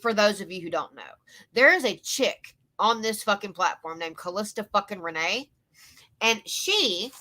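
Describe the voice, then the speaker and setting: A woman's voice: on the high side, sharp tone. A woman from Louisiana with a Southern accent, giving a profane, indignant reaction commentary. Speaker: commentary YouTuber.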